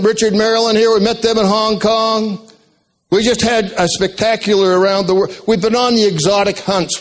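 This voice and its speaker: An older man with a fairly high voice tells life stories in a folksy, joking way. He is a retired speaker from Maine, animated as he works through his anecdotes. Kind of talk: motivational storytelling talk.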